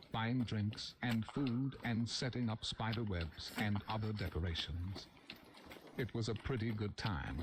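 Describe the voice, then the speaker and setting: A young man reading a scary first-person story aloud as a narrator, with a steady, even storytelling delivery. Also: on the low side, a little hiss or hum. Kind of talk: scripted horror story narration.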